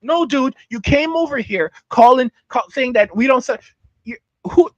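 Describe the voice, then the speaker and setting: A man's voice: very high voice, animated, normal speed, dry recording, highs cut off. A man hosting a livestream, ranting angrily at chat and repeating himself. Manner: angry, heated, repeats himself. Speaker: channel host. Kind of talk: livestream rant reacting to chat.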